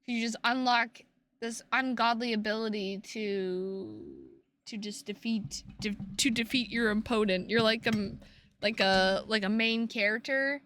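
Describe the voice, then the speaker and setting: A woman's voice: on the high side, unhurried, a bit bright, slight background noise. A woman streaming and chatting casually with her viewers, playful and teasing, with plenty of swearing.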